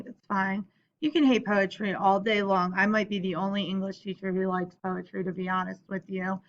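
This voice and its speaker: A young woman teacher walks her class through a recorded lesson, explaining terms plainly and dropping casual, friendly asides. Her voice sits at a middle pitch, and the recording sounds slightly dull and lo-fi. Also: flat delivery, moderate pace.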